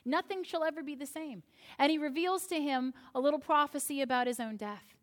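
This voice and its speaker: A woman preaches a sermon in an easy, conversational manner, often turning to the listeners with asides. Her voice sits a little high for a woman. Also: brisk.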